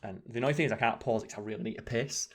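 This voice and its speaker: A man's voice: medium pitch, very fast. Rambling, swearing let's play host man. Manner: chatty, rambling, swears freely. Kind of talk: casual gaming chat.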